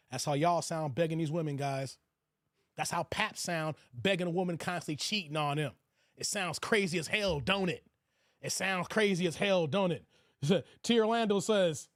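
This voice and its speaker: A man's voice: high voice, moderate pace, dry recording, clean studio sound. Brash male commentary host. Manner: loud, mocking, talks to viewers, reads chat. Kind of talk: reaction commentary.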